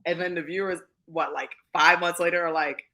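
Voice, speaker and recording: A woman's voice: fairly low pitch, steady tone, a little fast, bright, forceful tone. A woman TV producer, a guest chatting casually and heartfelt with a friend in an interview. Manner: effusive, heartfelt, calls friend "girl".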